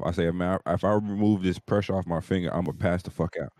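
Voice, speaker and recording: Male, very low voice, dry close sound, profane animated storyteller, casual. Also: fast, no echo. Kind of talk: casual storytelling on a live show.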